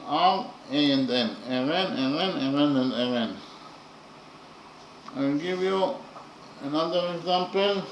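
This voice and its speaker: Slow, deliberate man in an echoey room. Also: a little high, vocal fry. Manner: halting and deliberate, with frequent pauses and "uh"; spells out letters one by one. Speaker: teacher explaining a poem. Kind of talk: slow spoken lesson. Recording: echoey room with faint background noise.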